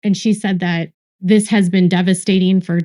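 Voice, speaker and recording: Woman recounting gossip, slow and repetitive. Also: lowish voice, level tone, mellow, a little hiss or hum. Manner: lists traits slowly, repeats words for emphasis. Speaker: online commentator. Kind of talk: clip of gossip commentary.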